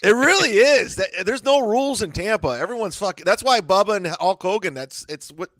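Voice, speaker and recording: A man's voice: high voice, expressive, brisk, fairly bright tone, no echo. A man appearing as a comedian guest on a casual podcast, making jokey, self-mocking comebacks.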